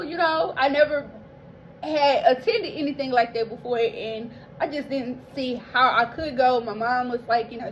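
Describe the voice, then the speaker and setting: A woman's voice: on the high side, highs cut off, a little hiss or hum. A young woman telling her life story casually, rambling and heartfelt, near tears, swearing and calling listeners y'all.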